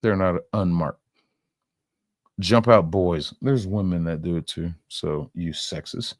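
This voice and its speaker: A young man rants at a slow, deliberate pace, his voice sitting a little low. He sounds angry and swears constantly as he reacts to clips. The sound is dry and close, with no room around it. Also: dry recording. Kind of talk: profane reaction rant.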